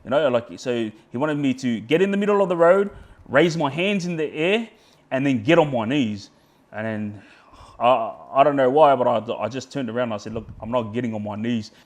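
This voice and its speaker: A man's voice: medium pitch, lively intonation, moderate pace. A man with an Australian accent, a podcast guest casually telling a story and quoting himself as he goes. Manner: rambling, repeats words and restarts, quotes himself.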